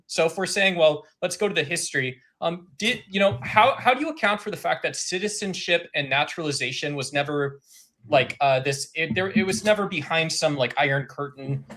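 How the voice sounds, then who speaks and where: A man calling in to a live stream debate, arguing in a halting, filler-heavy, accusatory way. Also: fairly high pitch, sharp tone. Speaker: caller asking a debater a question. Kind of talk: argumentative live stream call-in.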